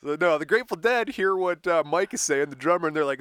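Man, casual storyteller, lively swooping pitch, dry close sound. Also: fast, no echo. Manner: animated storyteller, acts out quotes, laughs often. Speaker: podcast co-host.

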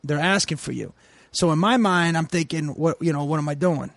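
A man's voice: a little high, a little fast, gravelly, fairly bright tone, dry recording. A man in his forties telling a profane story in casual podcast talk, acting out the people he quotes. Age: 40s. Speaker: comedian guest.

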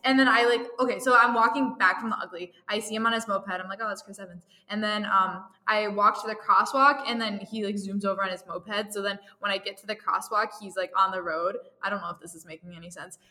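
A woman's voice: medium pitch, steady tone, a little fast, hardly any pauses, pushed and bright. Giggly young woman in an echoey room. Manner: giggly, rambling, lots of "like" and "um". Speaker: podcast co-host. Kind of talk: casual chat, reading fan fiction aloud.

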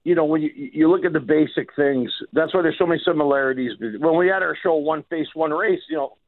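A man guest comedian chatting casually on a radio show, rambling and often clearing his throat. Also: a little high, brisk. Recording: tinny phone-like sound.

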